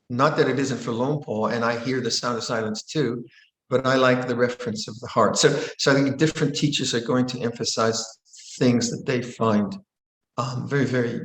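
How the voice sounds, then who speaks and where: An older man, a Buddhist monk, giving a calm dharma talk and answering a question, often repeating and restarting his phrases. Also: mid-range voice. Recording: roomy echo.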